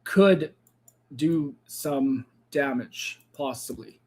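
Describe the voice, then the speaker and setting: A man's voice: on the high side, normal speed. A man hosting a live crypto trading stream, thinking aloud and second-guessing himself as he talks through the charts. He says he is losing his voice. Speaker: crypto trading livestream host. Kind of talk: casual live market commentary.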